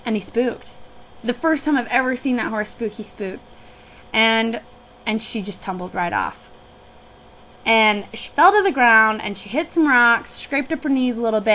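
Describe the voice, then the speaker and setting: A woman's voice: a little high, fairly bright tone, a little hiss or hum, poor audio. A young woman who works on a guest ranch, telling a personal story in a chatty, reflective way with frequent restarts.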